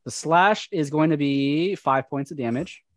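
A man's voice: a little high, unhurried, no echo. Guy running a tabletop game, narrating attacks and rolls, dry close mic. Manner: explains rules aloud while reading. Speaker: game master.

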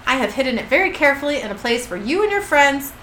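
A woman's voice: high voice, big pitch swings, fast, fairly bright tone, a little hiss or hum, pitched above the performer's own voice. A woman reading the lines of a smug, cornered male scribe angel, recapping a TV episode. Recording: echoey room with faint ambience.

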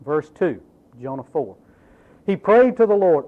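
Male preacher, sermon, highish voice with swooping emphasis, tinny narrow recording. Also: measured pace, pauses often. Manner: animated, emphatic preaching with rhetorical questions. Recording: tinny, phone-like narrow sound.

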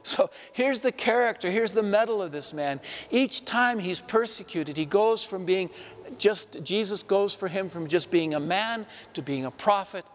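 A man giving a Sunday homily, retelling a story with lively, acted-out voices and frequent laughs. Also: sits high, moderate pace, long reverb tail. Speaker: preacher. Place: church.

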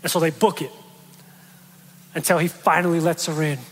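Male preacher, high voice, animated storyteller who acts out the quotes; long hall reverb. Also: normal speed, husky. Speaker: pastor. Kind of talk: sermon.

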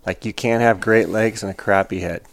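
A man with a fairly low voice gives hunting tips in casual chat. He talks emphatically and hammers each point home with repeated short phrases. Now and then he acts out quoted exchanges with a lifted voice. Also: fairly even intonation, a little fast. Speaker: hunting podcast host.

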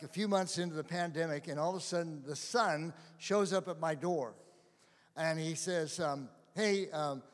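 A middle-aged male pastor telling stories in a sermon, animated and often laughing. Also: fairly high pitch. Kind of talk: sermon storytelling. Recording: long hall reverb.

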